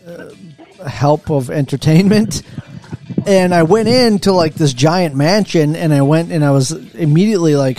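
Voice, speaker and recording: Higher-voiced man telling a rambling story. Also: a little slow, dark tone, soft background music. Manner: rambling storyteller, many fillers. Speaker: podcast co-host. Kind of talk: casual podcast chat.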